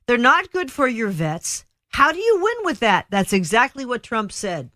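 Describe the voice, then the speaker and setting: A woman's voice: a little high, big pitch swings, moderate pace, sharp tone, dry recording, studio quality. A woman hosting a political talk radio show, chatty and emphatic, rambling between points. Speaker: radio host.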